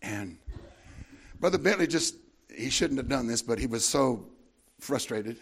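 A man's voice: medium pitch, animated, unhurried, gravelly, slightly rough. A man preaching a sermon, telling a long anecdote in a rambling way with frequent asides to the congregation. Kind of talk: sermon storytelling.

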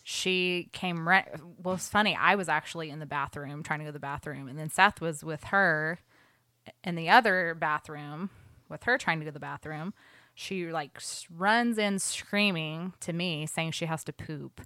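A woman's voice: low voice, moderate pace, pushed and bright, smooth, dry recording, clean studio sound. A young woman telling a story in casual podcast chat, full of "like"s. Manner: chatty storytelling with many "like"s.

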